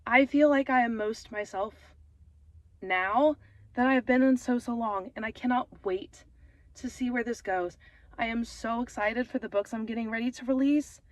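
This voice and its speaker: Sitting in her parked car, the young author-vlogger chats in a casual, filler-laden ramble that turns emotional. She speaks at normal speed in a slightly high voice.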